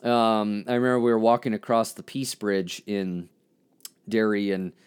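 Halting, reflective man with a smooth voice. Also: fairly low pitch, flat delivery. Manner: halting, reflective, full of restarts; frank, self-critical. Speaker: podcast host. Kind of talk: candid personal monologue.

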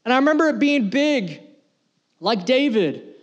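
A man's voice: extremely high pitch, sing-song, unhurried, highs cut off. A man preaching a sermon as pastor, earnest and conversational, repeating phrases as he builds his points. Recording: long hall reverb.

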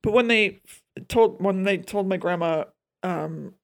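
A young woman chatting casually on a podcast, her voice full of vocal fry. She talks in loose run-on stories stitched with "like" and the odd curse. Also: medium pitch, unhurried. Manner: chatty, swearing, many "like" fillers. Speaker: podcast co-host. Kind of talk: casual chat.

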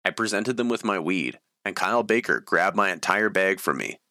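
Low bright-toned man reading a story. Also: animated, moderate pace, dry recording, studio quality. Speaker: memoir reader. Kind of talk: reading his own story aloud.

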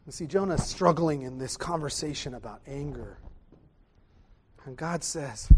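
A man preaching a sermon, animated, swinging from loud exclamations to hushed tones. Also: on the high side, moderate pace, breathy edge.

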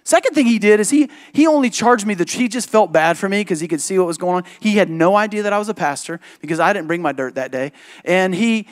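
A high-pitched male pastor shares a personal story as part of a sermon. He jumps rapidly into other people's voices, and his delivery stays lively and emphatic throughout.

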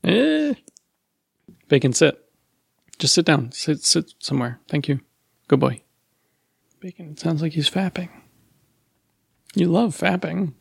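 A man's voice: a little high, animated, a little slow, creaky, pauses often, slightly rough, no echo, studio quality. A man hosting a fan podcast in casual chat, easygoing and often laughing along. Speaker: podcast host.

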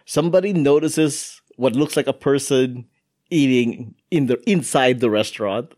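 A man's voice: medium pitch, normal speed, a little mellow. A man hosting a casual podcast chat, joking and laughing a lot, often restarting his sentences. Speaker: podcast host. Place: recorded in Halifax, Canada.

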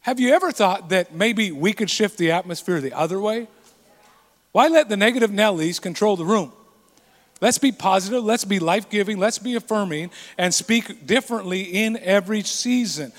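A man in his forties preaching a sermon as pastor. His voice sits high for a man and he talks with earnest, emphatic conviction. A long reverb trails his words through a large hall. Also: lively intonation, moderate pace.

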